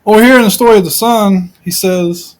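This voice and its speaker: A man's voice: high-pitched, a little fast, poor audio. A man giving informal, rambling commentary on scripture, repeating himself and piling up rhetorical questions. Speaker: Bible commentator.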